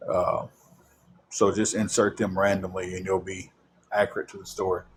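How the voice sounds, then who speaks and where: A man's voice: deep voice, flat delivery, slight background noise. Rambling man telling a story. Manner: rambling, halting with many fillers and repeated words. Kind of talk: personal storytelling.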